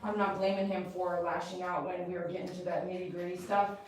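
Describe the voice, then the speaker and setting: A woman's voice: lowish voice, level tone, brisk, distant mic, slight background noise. Chatty woman groomer in an echoey room. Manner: chatty, coaxing the dog and explaining as she works. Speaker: dog groomer. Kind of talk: explaining a grooming to a client on camera. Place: grooming salon.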